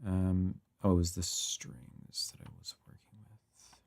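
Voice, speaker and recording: A man's voice: sits low, expressive, unhurried, vocal fry, a little mellow. A man composing music on a live stream, chatting casually, reading viewer messages aloud and laughing often. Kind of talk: casual livestream chat while composing.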